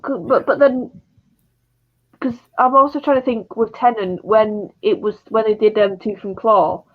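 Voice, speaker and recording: A woman's voice: fairly high pitch, fairly even intonation, unhurried. A woman in a casual livestream chat, thinking aloud and often repeating her words. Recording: dull lo-fi mic.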